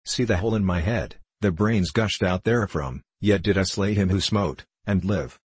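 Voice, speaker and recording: A man's voice: sits low, moderate pace, a little mellow, slightly rough, no room sound. A man doing an old warrior chief, archaic boasts, dry close sound. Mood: boastful. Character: aging fierce male warrior chieftain, proud and bloodthirsty.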